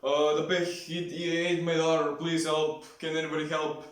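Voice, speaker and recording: A man voicing a desperate villager trapped in rubble, pleading slowly. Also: fairly high pitch, little pitch movement, natural voice. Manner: pleading, slow. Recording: very echoey room, far from mic.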